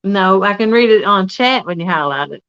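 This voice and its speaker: A woman's voice: medium pitch, expressive, moderate pace, fairly bright tone, smooth, dull audio. A woman chatting frankly on a livestream, laughing a lot. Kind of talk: casual livestream chat.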